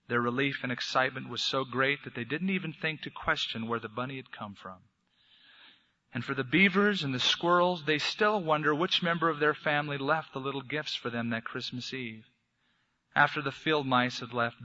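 A pastor tells a story to his congregation, then leads them in prayer. His voice is bright and piercing, and the recording sounds dull and lo-fi. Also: medium pitch. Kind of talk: sermon storytelling.

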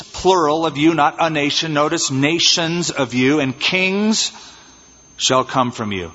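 A man preaching an expository sermon as pastor, animated and acting out little scenes in changed voices. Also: on the high side, a little slow. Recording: dull, reverberant church hall sound.

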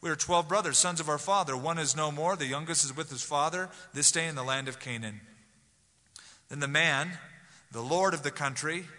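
A man's voice: a little high, normal speed, bright, forceful tone, long reverb tail. A man preaching an expository sermon as pastor, acting out the people in the story with voices.

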